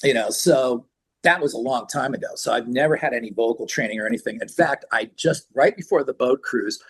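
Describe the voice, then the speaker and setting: An older man with a husky voice, chatting casually as an interview guest, rambling through stories and acting out sounds and quotes. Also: mid-range voice, a little fast, a little hiss or hum. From San Francisco Bay Area. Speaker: rock singer, interview guest.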